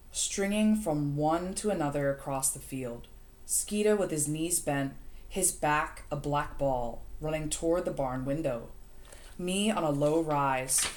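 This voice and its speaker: Low-voiced woman reading an audiobook. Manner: steady, measured first-person narration. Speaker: audiobook narrator.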